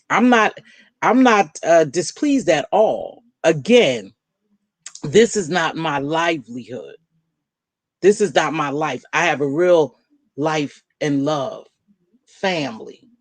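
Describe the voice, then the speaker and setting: Speaking in a low voice with no room sound, a woman video host answers viewer comments in a casual livestream. She's emphatic and direct, repeating her points to stress them.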